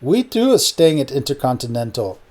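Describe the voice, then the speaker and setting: A flirtatious Russian dancer with a Russian accent who coaxes and invites, played by a male audiobook narrator. The voice is mellow and soft, with a slow, sultry pull. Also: mid-range voice, sing-song. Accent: Russian (put on). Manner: sultry, coaxing. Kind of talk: audiobook character reading.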